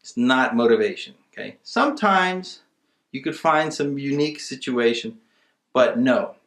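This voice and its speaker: A man's voice: mid-range voice, expressive, a little slow, a bit bright, echoey room. A man teaching a casual webinar, talking emphatically and acting out bits of his calls with sellers. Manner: conversational, emphatic, acts out seller dialogue. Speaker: real estate investing instructor.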